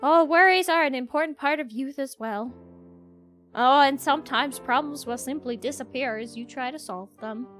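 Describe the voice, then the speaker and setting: Polite soft old bird guy running a cafe, kinda formal, lady voicing him. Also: high voice, moderate pace, soft background music. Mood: calm. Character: polite gentle older male bird cafe owner.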